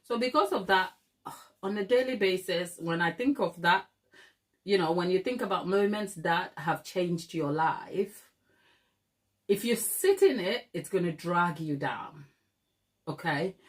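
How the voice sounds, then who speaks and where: This middle-aged African woman runs a baking channel and speaks in a lowish, slightly slow voice. In a casual livestream she chats with viewers, laughs often, and calls them darling.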